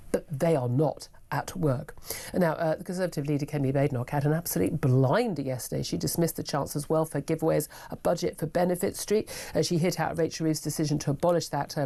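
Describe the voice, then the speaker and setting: A British woman hosting a talk radio show, gravelly and sniffly with a cold, delivering a brisk, scornful opinion monologue from a studio mic. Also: low-pitched, dark tone. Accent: British English. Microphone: studio microphone.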